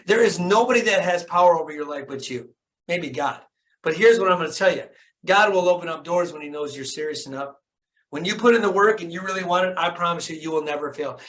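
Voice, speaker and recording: High, bright-voiced fired-up male motivator. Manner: fired-up, preachy, asks the audience questions; repeats phrases for emphasis, curses casually. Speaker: motivational speaker. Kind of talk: motivational talk on a video call.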